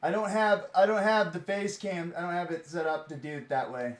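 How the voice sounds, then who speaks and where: A man's voice: high voice, fairly even intonation, brisk. Chatty, rambling young man opening cards. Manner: rambling, chatty, many fillers and chuckles. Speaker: card-opening streamer. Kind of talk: casual pack-opening commentary.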